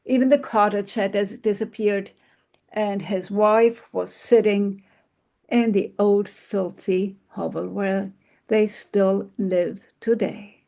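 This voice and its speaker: A woman telling a fairy tale aloud, in a slow, expressive manner with hushed moments. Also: mid-range voice, gravelly. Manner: slow, expressive, with soft sighs and hushed passages. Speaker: storyteller. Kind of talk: oral fairy-tale storytelling.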